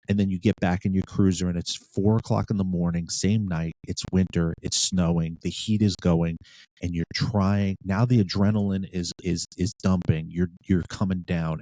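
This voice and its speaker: A man's voice: low voice, fairly even intonation, normal speed, mellow, dry recording. A man who was a police sergeant, co-hosting a podcast and telling blunt, profane stories about police work. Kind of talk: casual podcast chat.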